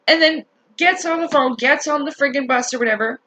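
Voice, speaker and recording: A woman telling a story in a casual rant to her viewers, animated, swearing and laughing as she talks. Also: high-pitched, brisk, lo-fi sound. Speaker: vlogger.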